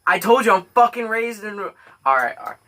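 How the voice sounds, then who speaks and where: Casting: quick-talking young man, bright and slightly high, rambling profane guest who stumbles over his words. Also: lively intonation. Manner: rambling, stammering, profane, defensive. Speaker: guest trying out a comedy bit. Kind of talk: casual podcast banter.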